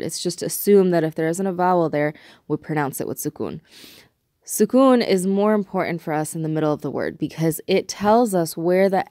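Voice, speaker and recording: Patient woman teacher, low and dry. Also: darkish tone, no room sound. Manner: patient, explains step by step, repeats example words slowly. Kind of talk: recorded language lesson.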